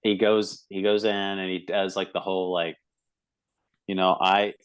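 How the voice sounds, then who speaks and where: A man's voice: low-pitched, level tone, normal speed, smooth, low-quality recording. A man co-hosting a movie review podcast, talking casually with many fillers and acting out quoted lines. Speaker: podcast co-host.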